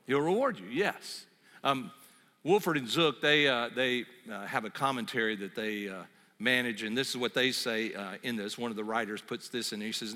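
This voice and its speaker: A man's voice: mid-range voice, expressive, moderate pace, bright, forceful tone, in a large hall. A man preaching a sermon as pastor, talking conversationally, telling stories with asides and fillers.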